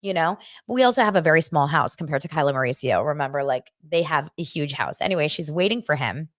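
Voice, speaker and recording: A woman hosting a podcast, chatting in a gossipy, animated way as she recaps a reality show. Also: deep voice, quick pace, no echo, clean studio sound. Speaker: podcast host.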